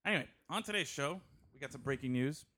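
A man's voice: mid-range voice, animated, quick pace, bright, forceful tone. A man hosting a casual podcast, joking with his co-hosts and laughing often. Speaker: podcast host.

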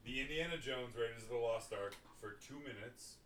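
A man's voice: mid-range voice, brisk, a bit bright. A man in casual podcast chat, talking eagerly and rattling off facts.

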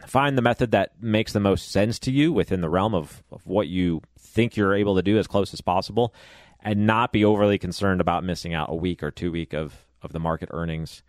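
A man co-hosting a finance podcast, explaining in a measured, careful way. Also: deep voice, no room sound, clean studio sound. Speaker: podcast co-host, finance advisor. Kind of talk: casual finance podcast chat.

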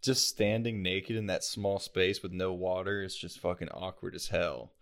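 A man's voice: sits low, normal speed, gravelly, fairly bright tone. A man co-hosting a podcast, teasing his friend with crude jokes and laughing often. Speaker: podcast co-host. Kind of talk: casual chat.

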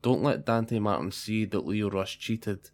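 A man's voice: lowish voice, a little slow, a little mellow. A young man co-hosting a podcast, chatting casually and swearing freely. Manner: profane, chatty banter. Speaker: podcast co-host.

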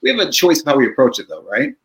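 A middle-aged man, a therapist, talking calmly and reflectively in a podcast conversation, often checking in with "right?". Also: mid-range voice, rapid-fire, rough recording. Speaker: therapist guest.

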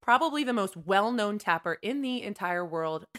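A woman's voice: medium pitch, lively intonation, moderate pace, a bit bright. A woman co-hosting a casual talk show with her mother, playfully asking game questions. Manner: playful, laughs often. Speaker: podcast co-host, daughter. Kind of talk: casual chat, running a game.

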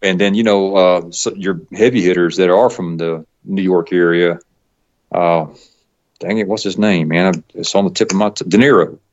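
A middle-aged man with a thick Georgia drawl talks loosely in an interview, circling his points with fillers and chuckling often. His voice sits low. The recording sounds dull and lo-fi. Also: fairly even intonation, moderate pace. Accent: Southern US (Georgia). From Georgia, US South. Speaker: guest. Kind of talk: casual interview chat.

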